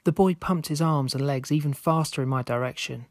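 A man reading a scripted spooky story aloud in a steady, measured way. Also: on the high side, no echo, studio quality. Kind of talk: scripted narration.

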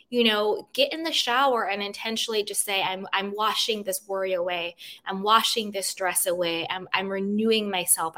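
Woman hosting a self-help podcast. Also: mid-range voice. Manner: gentle, repetitive affirmations with many "you know" fillers. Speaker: podcast host.

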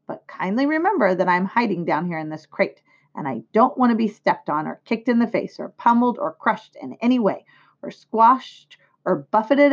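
A woman's voice: medium pitch, muffled recording, lightly acted. Woman doing a fussy grumbling rat. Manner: slow, drawn-out and complaining.

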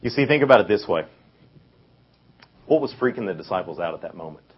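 A man's voice: low-pitched, lively intonation, fairly quick, husky. A young man giving a youth sermon in a casual, conversational way, full of fillers and restarts. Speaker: youth speaker. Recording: dull lo-fi recording.

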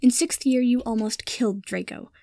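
A woman voicing a fierce, protective young woman who talks in a sharp, cutting way. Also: a little high, moderate pace, gravelly, no echo, clean studio sound. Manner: cutting, forceful when angry.

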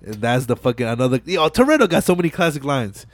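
A man hosting a podcast, excitedly retelling a movie scene by scene in profane, casual slang. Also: medium pitch, fast, no room sound, clean studio sound. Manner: profane, animated retelling full of "you know what I'm saying". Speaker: podcast host. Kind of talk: casual movie-recap chat.

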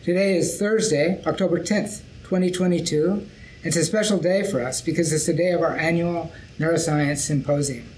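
Male podcast host, slightly raised pitch, measured and thoughtful, faint hiss behind. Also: darkish tone, low-quality recording. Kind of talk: academic panel podcast.

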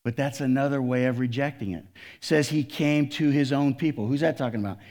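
A man preaching from the pulpit in an animated sermon. His voice sits at an ordinary middle pitch. He drops low and soft, then climbs loud and high for emphasis. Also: brisk. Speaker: pastor.

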